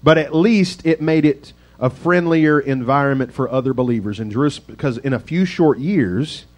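Pendeta pria yang santai dan mengobrol. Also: male voice, mid-range voice, moderate pace. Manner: casual, self-deprecating, rambling asides. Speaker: pastor. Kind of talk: conversational sermon.

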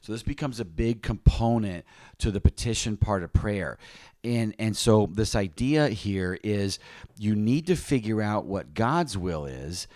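A man's voice: fairly low pitch, animated, measured pace, a little mellow, dry recording, studio quality. A man who leads a ministry, talking candidly about prayer, rambling and restarting with self-mocking asides. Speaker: ministry leader and podcast co-host. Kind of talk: casual faith talk.

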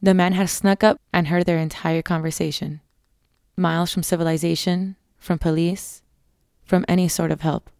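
A woman narrating a scripted horror story in a measured, somber way, close to the mic. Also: fairly low pitch, level tone, darkish tone, clear, resonant tone, dry recording.

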